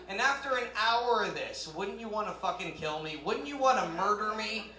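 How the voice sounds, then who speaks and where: High, bright-voiced stand-up comedian. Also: male voice, animated, moderate pace. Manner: rambling, self-deprecating, loose. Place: live comedy club stage. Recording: roomy live club sound.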